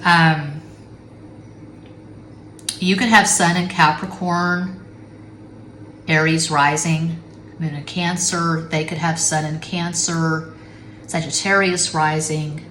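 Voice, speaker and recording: Rambling, blunt, bright-voiced woman reading tarot. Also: on the low side. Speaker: tarot reader. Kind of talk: casual tarot reading monologue. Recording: echoey room with faint background noise.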